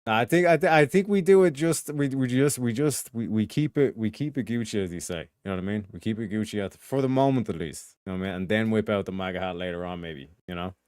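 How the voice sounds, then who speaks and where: A man's voice: lowish voice, fast talker, few pauses, darkish tone, smooth, dry recording. Male streamer, casual profane rambler, dry close mic. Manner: rambling, profane, lots of filler phrases. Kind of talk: casual livestream chat.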